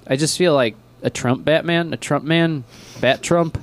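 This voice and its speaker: A man's voice: fairly high pitch, measured pace. A young man co-hosting a radio show, chatting casually in a rambling, joking way with lots of fillers. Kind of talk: casual chat.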